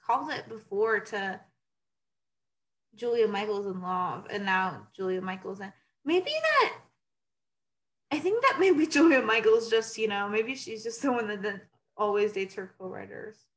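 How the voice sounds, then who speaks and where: A woman's voice: mid-range voice, lively intonation, a little slow. A young woman in casual chat, rambling with many restarts and reading bits aloud. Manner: rambling, restarts, reads aloud from her phone.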